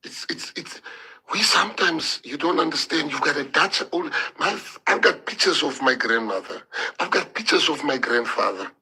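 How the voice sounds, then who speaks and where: Husky, emotional man. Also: on the high side, lively intonation, sharp tone, rough recording. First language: Afrikaans. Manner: emotional, halting, repeats words. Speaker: politician. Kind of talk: impassioned public address.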